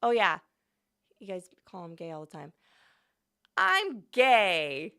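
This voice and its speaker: A woman's voice: lowish voice, normal speed, gravelly, fairly bright tone. A woman streamer chatting casually, giggly and rambling, often trailing off.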